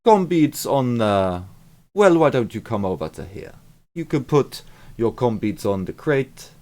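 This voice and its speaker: A man voicing a courteous, smiling crime boss trader in a put-on foreign accent, raised a little higher and louder than his own voice. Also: very animated, unhurried. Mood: genial. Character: smooth-talking male crime boss trader.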